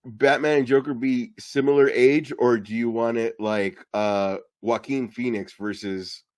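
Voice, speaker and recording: A man's voice: mid-range voice, fairly even intonation, darkish tone, dry recording. Male co-host, blunt, profane, dry close recording. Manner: blunt, swearing, quick asides. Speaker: podcast co-host. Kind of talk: casual chat.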